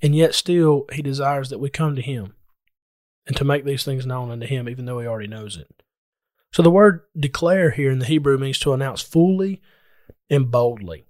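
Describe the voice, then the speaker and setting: A man's voice: medium pitch, normal speed, darkish tone, dry recording, clean studio sound. A man preaching a sermon in an earnest, explanatory way, speaking directly to his listeners.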